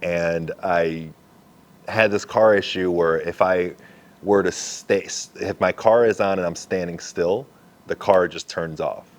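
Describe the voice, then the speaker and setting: A young man with a very low voice hosts a podcast conversation. He chats casually and eagerly, encouraging his guest, and tells a story of his own in a relaxed way. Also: a little slow. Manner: eager, encouraging, frequent short backchannels. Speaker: podcast host.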